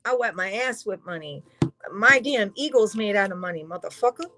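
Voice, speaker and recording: A woman's voice: mid-range voice, animated, normal speed, fairly bright tone, close to an everyday voice. A woman voicing a brash rich woman who boasts crudely about her money. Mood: boastful.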